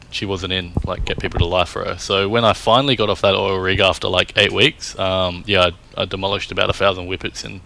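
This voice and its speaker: Australian male guest, low and bright-toned, relaxed and profane. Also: vocal fry, a little hiss or hum. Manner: laid-back, swears freely, trails off with fillers. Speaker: podcast guest. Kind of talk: casual chat.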